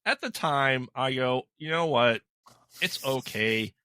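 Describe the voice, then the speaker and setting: A man's voice: medium pitch, expressive, slow, pushed and bright, clear, resonant tone, dry recording. A man co-hosting a podcast who retells a film's plot in casual chat, rambling with frequent ums. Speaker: podcast co-host. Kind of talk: casual movie recap chat.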